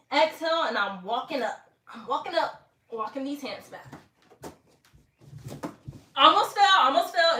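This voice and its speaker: High, bright-voiced woman, breathless workout chat, mic set back in an echoey room. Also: distant mic. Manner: chatty, laughing, counts aloud. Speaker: fitness vlogger. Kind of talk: casual workout livestream chat. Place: home room with an exercise mat.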